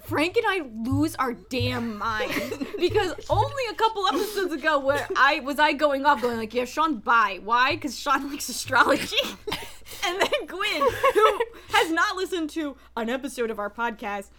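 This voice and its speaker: Lively high-voiced woman podcaster. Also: background noise. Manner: laughing, animated, quick asides. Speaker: podcast host. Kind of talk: casual chat.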